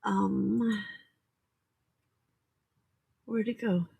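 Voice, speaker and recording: A woman's voice: medium pitch, fairly even intonation, very slow, creaky, dark tone, slightly rough. Giggly woman hosting a crafting livestream. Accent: Southern US drawl at times. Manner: chatty, giggly, greets viewers by name. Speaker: host of a late-night crafting livestream. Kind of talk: casual livestream chat with viewers.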